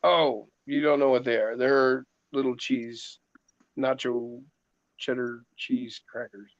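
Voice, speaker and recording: A man's voice: medium pitch, fairly even intonation, slow, dry recording. A man co-hosting a casual livestream chat, joking and reading viewer comments aloud, over a dull lo-fi recording. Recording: dull lo-fi sound.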